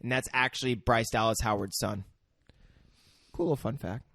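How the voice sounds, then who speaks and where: A man on a podcast telling stories and chiming in, loud and full of swearing. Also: mid-range voice, fairly even intonation, moderate pace, vocal fry, no room sound, clean studio sound. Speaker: podcast co-host. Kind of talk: casual chat.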